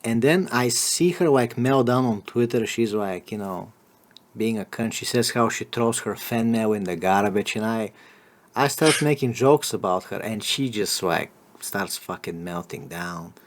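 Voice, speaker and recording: A man's voice: lowish voice, unhurried. A man in casual podcast chat, rambling and crude, laughing often. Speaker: podcast host.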